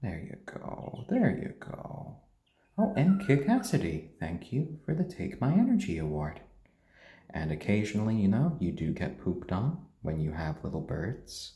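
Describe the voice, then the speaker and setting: A man with a mixed British and American accent, chatting gently on a live stream and cooing to his pets. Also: sits low, very animated, moderate pace, creaky, reverberant. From born in Tokyo, raised British and American. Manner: gentle, soft-spoken, coos at pets. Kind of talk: casual live-stream chat.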